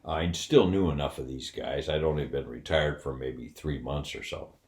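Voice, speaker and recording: Deep-voiced older man telling a wry story. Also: moderate pace, darkish tone. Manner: wry, candid, with frequent fillers and chuckles. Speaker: retired Air Force officer telling a story. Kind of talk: casual anecdote storytelling. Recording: roomy echo.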